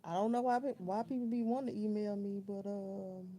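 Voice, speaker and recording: Chatty country-sounding woman, mellow voice. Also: mid-range voice, fairly even intonation, a little fast, slight background noise. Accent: Southern US. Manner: drawling, chatty, reacts to comments aloud. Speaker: livestream host. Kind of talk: casual chat reading live comments.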